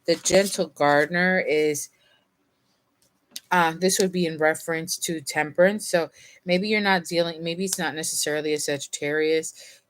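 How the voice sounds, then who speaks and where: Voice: mid-range voice, steady tone, normal speed, a bit bright. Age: unknown. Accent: none. Role: tarot reader. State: sleepy, yawning. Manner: rambling, casual, reads from a guidebook at times. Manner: rambling, self-interrupting, with laughs and fillers; reads card meanings from a guidebook aloud. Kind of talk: casual tarot reading to camera.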